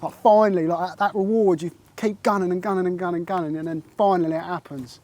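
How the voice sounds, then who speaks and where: A man, telling an excitable and rambling fishing story in a casual interview, full of "like" and "mate". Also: high voice, fast talker. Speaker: carp angler recounting a catch.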